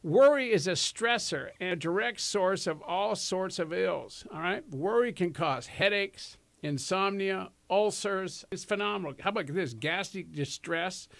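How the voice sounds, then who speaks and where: A man's voice: sits high, measured pace, creaky, few pauses, a bit bright. A man hosting a casual self-help talk show, chatty and rambling, laughing often. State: out of breath. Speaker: host.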